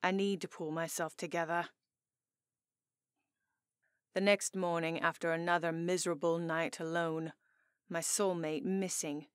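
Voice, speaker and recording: A woman's voice: fairly low pitch, fairly even intonation, measured pace, long pauses, clear, resonant tone, no room sound. A woman narrating a first-person romance audiobook in an intimate, earnest storytelling manner, on a close studio mic.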